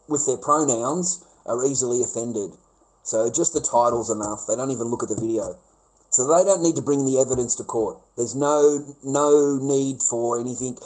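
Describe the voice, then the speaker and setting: A man's voice: medium pitch, a little mellow, poor audio. An Australian man talking straight to camera in a rambling, profanity-heavy monologue, sneering and mocking as he drags out words for emphasis. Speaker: vlogger.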